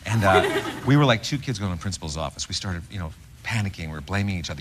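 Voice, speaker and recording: Middle-aged male guest, low, lively and fast, laughs through his stories; noisy studio sound. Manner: animated, laughing through punchlines. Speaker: talk show guest. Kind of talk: anecdotal storytelling.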